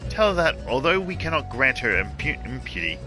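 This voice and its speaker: A man voicing a stern, dutiful guard officer in a formal, measured way. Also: medium pitch, big pitch swings, music in the background, close to an everyday voice, poor audio. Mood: grave. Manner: formal, measured reading of quest dialogue.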